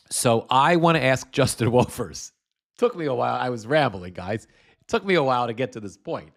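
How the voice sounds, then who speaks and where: A man from the United States with a somewhat low voice hosts a political commentary livestream. He rambles, swears freely and speaks bluntly. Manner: rambling, blunt and heavily profane. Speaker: host.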